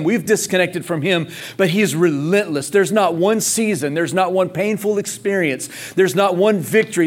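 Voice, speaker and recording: High-voiced fervent male preacher. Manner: passionate, calls on the congregation to respond; emphatic repetition. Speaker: pastor. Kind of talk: sermon.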